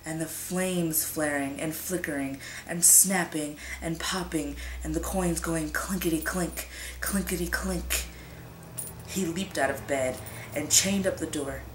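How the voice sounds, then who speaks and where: Lady with a lowish voice reading a creepy story, hushed whispery sound effects, echoey room, music playing. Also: measured pace, background noise. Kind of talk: scary story read aloud.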